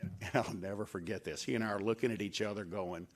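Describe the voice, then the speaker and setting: With a fairly low, steady voice at a moderate pace, an older man speaks from a podium in an event hall, paying tribute at a dedication event as a former staff member. His folksy anecdotes include quoted lines he acts out in a raised voice.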